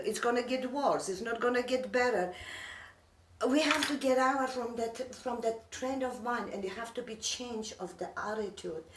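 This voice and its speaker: A fairly high, fairly bright voice belongs to an earnest immigrant woman in her 60s. She speaks heartfelt broken English in an emotional personal talk, recorded in an echoey room from a distant microphone.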